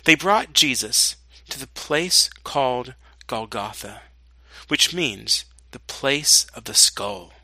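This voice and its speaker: Slow, bright-voiced man reading scripture. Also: medium pitch, animated, no echo. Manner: slow and deliberate reading, with dramatic quoted lines. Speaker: pastor.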